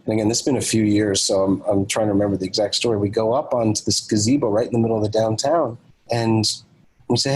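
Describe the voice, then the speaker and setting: A man's voice: on the low side, fast talker, slightly rough, rough recording. A man, a podcast guest and author, telling a personal story and acting out the dialogue of the people in it. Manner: animated storyteller, acts out quoted dialogue.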